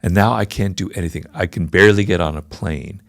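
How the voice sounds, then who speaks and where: A man's voice: deep voice, a little fast, gravelly, no echo, studio quality. A man in his sixties speaking frankly and reflectively as a guest in a conversational interview. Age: 60s. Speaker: podcast guest, author.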